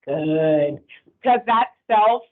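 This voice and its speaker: A woman's voice: deep voice, animated, very slow. A woman instructor giving a conversational training lecture, often checking in with the class. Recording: tinny phone-like sound.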